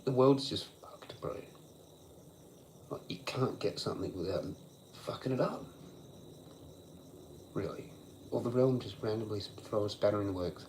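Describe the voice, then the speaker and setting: A man's voice: medium pitch, normal speed, gravelly, darkish tone, slight background noise, low-quality recording. A young man ranting on a livestream, swearing a lot and circling through frustrated philosophical thoughts. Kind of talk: rambling late-night livestream rant.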